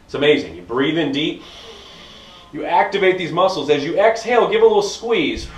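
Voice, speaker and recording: A middle-aged man, a fitness instructor, coaching viewers in an energetic, enthusiastic casual vlog at home, recorded on a camera mic. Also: a little high, brisk, faint music behind. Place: indoor room at home. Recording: echoey room, voice from a distance.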